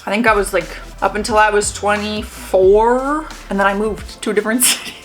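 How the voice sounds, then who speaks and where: A woman in her twenties chatting casually as she reacts to clips, animated and laughing often. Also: medium pitch, fairly quick, soft background music.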